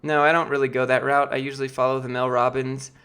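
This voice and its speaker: This Georgia-born streamer in his late twenties talks fast in a mid-range voice that is flat in delivery yet fairly bright, clear and resonant. He's losing his voice while casually rambling answers to his live chat, full of fillers and frequent restarts.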